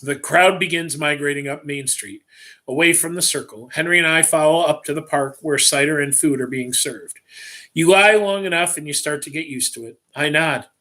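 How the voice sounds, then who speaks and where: A man reads a first-person story aloud on a livestream. His voice is bright and a little pressed, and it sits fairly high. His delivery is steady and plain. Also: moderate pace. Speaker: story reader.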